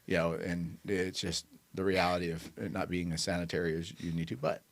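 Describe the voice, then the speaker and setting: A man with a fairly low voice chats on a podcast, recorded dry and close. He tells stories animatedly and often breaks into laughter while speaking. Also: a little fast, creaky, no room sound. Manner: animated storyteller, laughs mid-sentence. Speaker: podcast co-host. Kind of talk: casual chat and storytelling.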